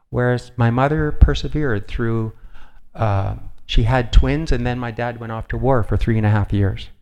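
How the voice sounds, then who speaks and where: An older man giving a sermon, reading slowly and measuredly, with pauses and fillers as he tells a family story. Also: mid-range voice, a little mellow. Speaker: preacher.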